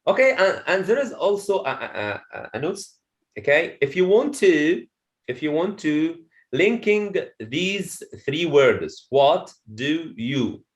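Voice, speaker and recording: A man's voice: fairly high pitch, very animated, slow. A man teaching a pronunciation lesson to a classroom of students, repeating phrases and checking understanding with "okay?". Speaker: English teacher.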